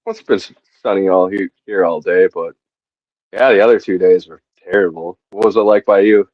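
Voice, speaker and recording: A laid-back man from the northern United States, chatting as a podcast guest with a lowish voice and an easy laugh. His sound is dry and a little dull, with no room around it. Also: fairly quick, no echo. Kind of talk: casual chat.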